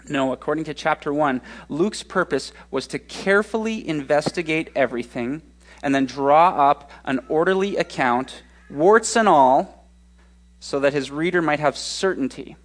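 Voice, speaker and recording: A slightly high-voiced preaching man. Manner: expressive, shifting pace for emphasis. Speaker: pastor. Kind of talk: sermon.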